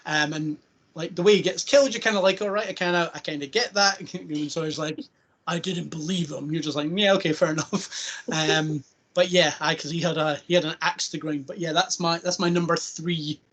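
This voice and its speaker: A man's voice: fairly high pitch, steady tone, a bit bright. Rambling man, lots of fillers. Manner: rambling, filler-heavy, acts out scenes with quick impressions. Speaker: podcast host. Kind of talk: casual chat.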